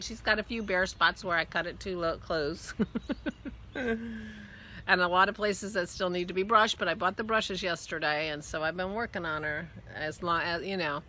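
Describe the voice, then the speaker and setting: Bright-voiced woman chatting casually. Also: fairly low pitch, slight background noise. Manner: rambling and chatty, trailing off and restarting; coos affectionately to her dog. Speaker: podcast host. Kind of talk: casual chat.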